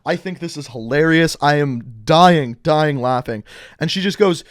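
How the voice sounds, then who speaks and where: A young man casually telling a rambling high school story to his channel, full of "like" and asides. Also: unhurried, no echo, clean studio sound. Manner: rambling, chatty, lots of "like". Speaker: vlogger.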